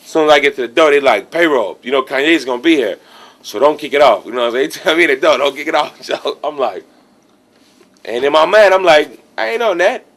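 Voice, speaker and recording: A man's voice: a little high, fast. A man with a Chicago accent telling a story in a casual interview, acting out what others said. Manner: animated, acts out quotes of others. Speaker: rapper telling his story.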